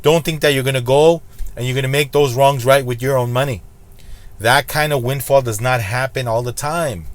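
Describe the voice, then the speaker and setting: A man's voice: medium pitch, moderate pace. A man talks casually to his viewers about gambling. He is blunt and preachy and says the same warning over and over to make it stick. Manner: blunt, preachy, emphatic repetition. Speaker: slots channel host. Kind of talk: casual vlog commentary.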